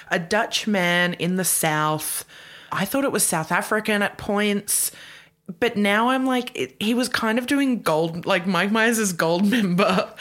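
A woman's voice: medium pitch, a bit bright. A woman co-hosting a casual pop culture podcast, chatty and full of "like", laughing often. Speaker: podcast co-host.

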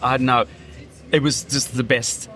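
A man guesting on a podcast, spinning lively, theatrical anecdotes in a relaxed chat. His voice is bright and tense, his pitch in the middle range for a man. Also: a little slow. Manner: vivid, theatrical storyteller. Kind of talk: casual storytelling chat.

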